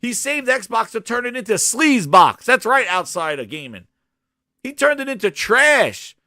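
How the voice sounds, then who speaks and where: A man's voice: very high voice, big pitch swings, unhurried, vocal fry, sharp tone, no room sound, studio quality. A man hosting a gaming podcast, delivering a heated, profane rant with mocking impressions. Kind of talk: ranting solo commentary.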